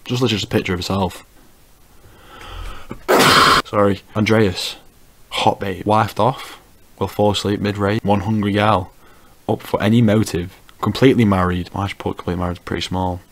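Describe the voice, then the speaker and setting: This man has a very low, deep voice. He delivers a casual comedic commentary as a YouTuber, talking wryly and teasing as he goes. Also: steady tone, moderate pace, long pauses, a bit bright, slight background noise. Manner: wry, teasing remarks.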